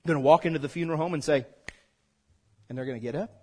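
Man, pastor, sermon, high voice, casual folksy preaching, congregation call-and-response. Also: fast, warm tone, slightly rough.

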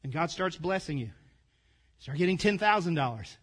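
A man preaching a casual, conversational sermon, calling the congregation "gang" and swinging between loud emphasis and quiet asides. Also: fairly high pitch, moderate pace, slightly rough. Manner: folksy, calls the congregation "gang", asides to the room. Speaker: pastor.

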